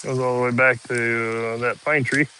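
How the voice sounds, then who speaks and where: A man, chatting casually outdoors while hosting a live stream, easygoing and relaxed. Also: medium pitch, a little slow, slight background noise, poor audio. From Iowa, US. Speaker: livestream host. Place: outdoors at a rural property.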